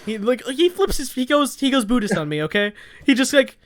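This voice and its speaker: A man's voice: extremely high pitch, big pitch swings, fairly quick. A young man co-hosting a podcast in casual chat, rambling through stories, laughing often and acting out his friends' lines. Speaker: podcast co-host.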